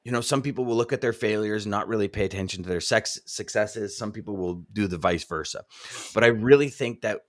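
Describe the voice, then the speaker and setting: A man's voice: on the low side, brisk. A man hosting a casual live-stream chat as a coach, reading viewer comments aloud and often repeating words. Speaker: podcast host and trucking coach.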